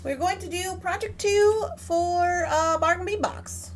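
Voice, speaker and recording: A woman's voice: very high-pitched, a little slow, a little hiss or hum. A woman chatting casually and cheerfully while hosting a live craft tutorial from home. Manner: chatty, animated, talks to her pet and viewers. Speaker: livestream craft host.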